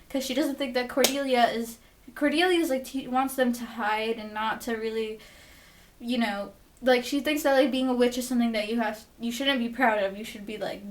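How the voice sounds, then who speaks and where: A woman's voice: fairly high pitch, fairly quick. A woman recapping a TV episode in a casual, gushing way, swearing a lot and saying "like" often. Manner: gushing and profane, lots of "like" fillers. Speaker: vlogger reviewing a TV episode.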